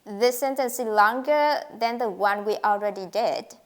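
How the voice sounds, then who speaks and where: Slow, careful woman teaching pronunciation. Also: on the high side. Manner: slow, careful, demonstrates intonation by example. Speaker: English teacher. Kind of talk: English pronunciation lesson.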